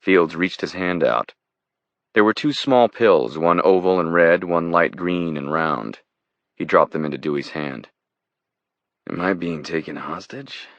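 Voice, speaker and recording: A man narrating a thriller audiobook in a steady, measured reading. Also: deep voice, no room sound, dull audio.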